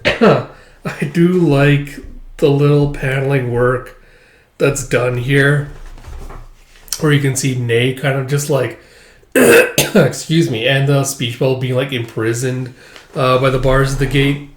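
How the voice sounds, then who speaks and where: A man's voice: medium pitch, steady tone, takes it slowly, pauses often, slight background noise. A man casually reading a manga chapter aloud and giving his thoughts, chuckling now and then. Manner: reads panels aloud, voices characters, chuckles often. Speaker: manga reaction reader. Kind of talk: casual read-along commentary. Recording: echoey room.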